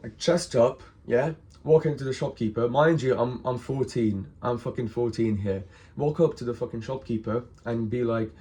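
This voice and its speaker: A man's voice: mid-range voice, normal speed. Hungover guy telling a story to the camera, swears a lot, acts out what everyone said, regular mid voice. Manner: swears a lot, animated, acts out other people's lines. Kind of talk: casual storytelling monologue.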